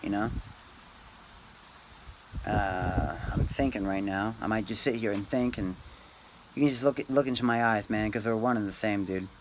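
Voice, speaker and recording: A man rambling through a meandering, philosophizing monologue to camera, pausing often and tagging lines with "man" and "dude". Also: lowish voice, a little hiss or hum, low-quality recording. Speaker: vlogger.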